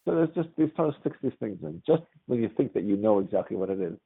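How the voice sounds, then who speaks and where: Gravelly husky man teaching a class. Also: mid-range voice, expressive, quick pace. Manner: quizzes the class with frequent "right?". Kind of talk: conversational classroom lecture. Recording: tinny phone-like audio.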